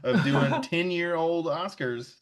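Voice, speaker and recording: A man's voice: on the high side, slow. A man guest on a podcast in casual chat, rambling and restarting his sentences. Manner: rambling, restarts, laughs a lot.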